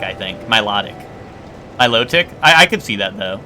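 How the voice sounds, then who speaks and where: A man with a lowish voice, lively intonation and a bright, forceful tone chats at a normal speed while streaming a game. He rambles, corrects himself and argues playfully with his chat in this casual gaming stream, with slight background noise.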